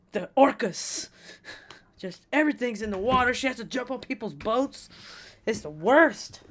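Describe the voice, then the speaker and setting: A woman's voice: fairly low pitch, close to an everyday voice. A woman streamer voicing a scheming female poison witch who tells fortunes, rambling and playfully mean in character. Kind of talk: in-character livestream role-play.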